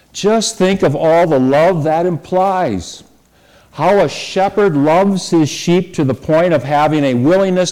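A man leading a church service, preaching in an easy conversational way and slowing down on key phrases. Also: on the high side, darkish tone. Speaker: pastor. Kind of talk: sermon.

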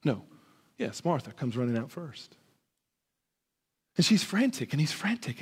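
A man preaching a sermon as pastor, animated, acting out the voices of the story and stumbling over his words when he gets excited. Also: a little high, normal speed, long pauses. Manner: animated, acts out dialogue, stammers when excited. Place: church sanctuary. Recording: husky voice in a reverberant hall.

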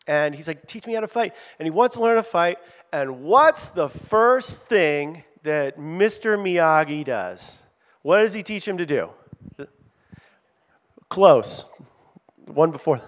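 A middle-aged man preaching a sermon in a lively, conversational way, with asides to his congregation. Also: a little high, slow pace, pauses often. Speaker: pastor.

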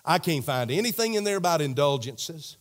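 A man's voice: a little high, expressive, brisk, natural voice. Brief: defiant male reformer monk, firm and plain, a preacher doing the voice.

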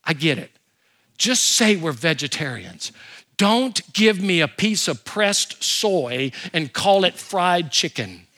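An older man preaching a sermon as a pastor, animated and humorous, telling stories and asking rhetorical questions. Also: high-pitched, slow pace.

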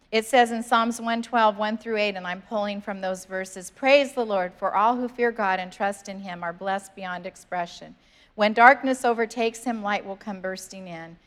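In a church sanctuary, a woman pastor delivers a sermon at a moderate pace in a medium-pitched voice. She's earnest yet conversational and reads scripture aloud.

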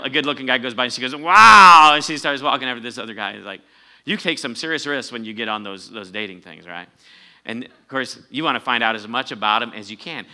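A man's voice: mid-range voice, pushed and bright, clean tone. A man preaching a conversational sermon, building to emphatic peaks. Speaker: pastor.

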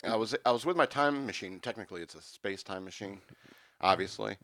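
A man on a comedy podcast telling an absurd made-up story in a deadpan, rambling way, breaking into loud rants. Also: lowish voice, a little fast.

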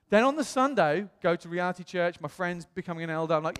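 British pastor telling a story in a hall. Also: male voice, high voice, fast, few pauses, smooth. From England. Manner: animated, acts out quoted voices. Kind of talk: storytelling sermon. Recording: long reverb of a large hall.

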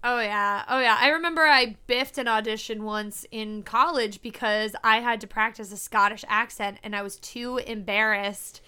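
A woman in her thirties co-hosting a casual chat, animated and blunt, swearing freely. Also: on the high side, moderate pace, hardly any pauses, clean tone. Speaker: podcast co-host.

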